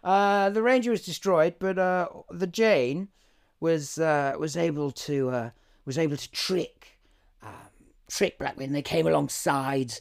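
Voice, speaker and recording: A man co-hosting a comedy podcast, rambling through improvised chat with deadpan absurd asides and many ums. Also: fairly high pitch, measured pace, creaky.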